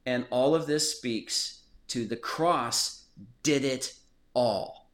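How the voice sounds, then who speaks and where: A man's voice: mid-range voice, takes it slowly, roomy sound. A man hosting a Bible study talk, explaining ideas earnestly in casual teaching chat and sometimes drifting off on tangents.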